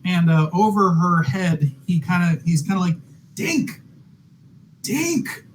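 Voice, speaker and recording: A man narrating as dungeon master, halting and filling pauses with ums and restarts. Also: high-pitched, steady tone, slight background noise, poor audio. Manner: halting, many fillers and restarts. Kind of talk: narrating a tabletop game.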